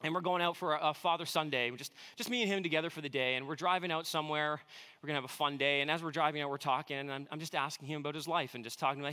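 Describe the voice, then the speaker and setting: A man in his thirties preaching a sermon, telling a family story with earnest warmth and some self-deprecating humor. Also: a little high, fairly even intonation, rapid-fire, clear, resonant tone. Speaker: pastor.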